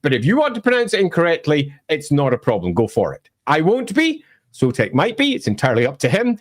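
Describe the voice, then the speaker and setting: A Scottish man with a fairly high voice talks through fantasy lore. He is emphatic and wry, and his pitch swings widely as he argues his points. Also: wildly swooping pitch, fast. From Scotland. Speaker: lore presenter. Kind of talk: opinionated lore explainer.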